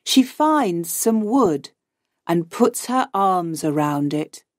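Woman narrator for learners, clear and unhurried, dry close sound. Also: lowish voice, lively intonation, no room sound. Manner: slow, clear, simple reading. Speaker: audiobook narrator. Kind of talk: graded reader narration for learners.

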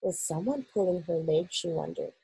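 A woman reading a children's novel aloud for school children in an expressive, unhurried storytelling manner. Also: fairly low pitch, vocal fry, breathy edge, no echo, rough recording.

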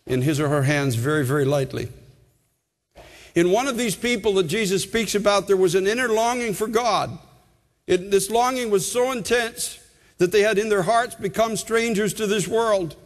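An older man preaching a sermon as a pastor, impassioned and urgent, often repeating his words as he builds up. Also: high voice. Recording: long reverb of a large hall.

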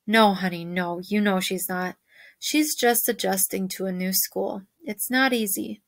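A weary but tender mother, speaking in hushed, reassuring tones in the dark, voiced by a woman reading a novel aloud. Her voice sits at a middling pitch and is recorded close and dry, without room sound. She sounds gentle and patient. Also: measured pace, no room sound, close to an everyday voice. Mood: soothing. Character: tired, loving mother comforting her son at night.

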